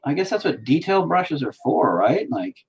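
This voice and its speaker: A fairly high, slightly mellow male voice with big pitch swings moves at a moderate pace over slight background noise. The speaker, a painting vlogger, rambles casually while painting, cussing and joking about himself.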